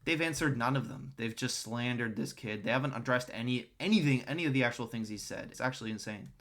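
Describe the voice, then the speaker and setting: A man's voice: mid-range voice, fast talker, a bit bright. A man ranting scornfully and profanely while reacting to video clips. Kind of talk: crude reaction commentary.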